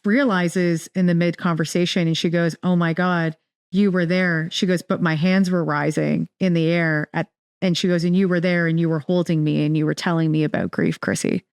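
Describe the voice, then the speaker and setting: Woman interview guest, lowish pitch, rambling restarts, dry close sound. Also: smooth, no echo. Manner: rambling, many restarts and fillers, animated retelling. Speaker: podcast guest. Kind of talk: casual interview storytelling.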